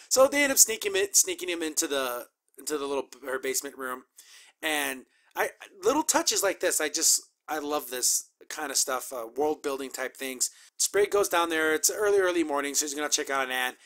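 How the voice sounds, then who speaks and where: A man casually recapping and reacting to a cartoon episode, chatty and upbeat, acting out quick character quotes. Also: fairly high pitch, expressive, a bit bright. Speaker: show reviewer.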